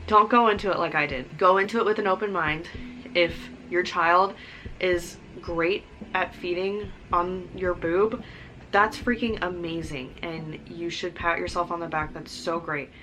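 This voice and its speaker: Poor audio carries the fairly low, sharp-toned voice of a young new mom vlogging. She talks earnestly and casually from the heart, wandering through her thoughts with fillers and nearly in tears.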